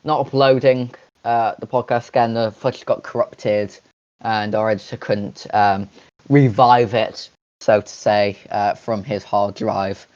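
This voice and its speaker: A man co-hosting a casual podcast, talking in a halting way with frequent pauses and restarts. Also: lowish voice, steady tone, darkish tone, dull audio. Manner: halting, many fillers and restarts. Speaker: podcast co-host.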